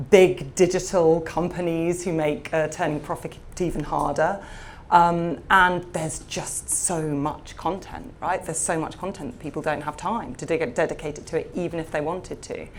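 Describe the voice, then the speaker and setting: A woman's voice: low voice, a little hiss or hum. A woman interviewing an author at a live event, posing long, thoughtful questions.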